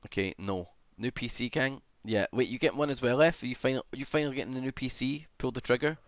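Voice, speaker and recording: A man streaming live, chatting casually as he reads and answers comments, with sudden excited shouts. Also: medium pitch, fast talker, dry recording. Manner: chatty, greets viewers, bursts into excited shouts.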